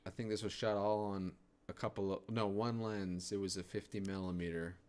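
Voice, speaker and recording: A man giving a casual director's commentary on his own film, laid-back and quick to laugh. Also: low voice, level tone, darkish tone.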